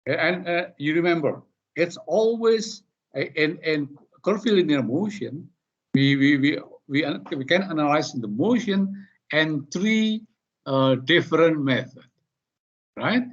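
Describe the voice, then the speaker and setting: A man with an Indonesian accent lecturing online, halting and repeating words as he explains. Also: a little high, lively intonation. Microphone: computer mic on a video call. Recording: muffled meeting-call audio.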